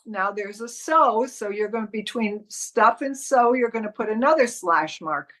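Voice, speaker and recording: Bright, high-voiced woman coaching a class. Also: normal speed, hardly any pauses, poor audio. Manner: instructive, step-by-step, with frequent restarts. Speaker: modeling and commercial coach. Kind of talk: live online class.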